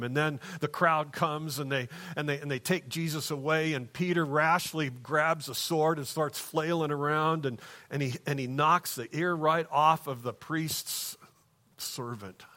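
A pastor preaching a sermon in church, moving between hushed, slow passages and raised, emphatic ones. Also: male voice, a little high, steady tone.

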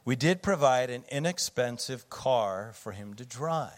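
A man's voice: mid-range voice, lively intonation, measured pace. Middle-aged male pastor; conversational sermon, anecdotal, loose with fillers. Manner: conversational storytelling with fillers and restarts.

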